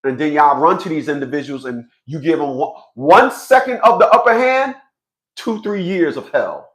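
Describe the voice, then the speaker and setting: A man's voice: a little high, expressive, moderate pace, a bit bright. A man in his fifties giving a blunt, profane vlog monologue, stammering through repeated restarts. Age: 50s. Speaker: fathers' rights commentator.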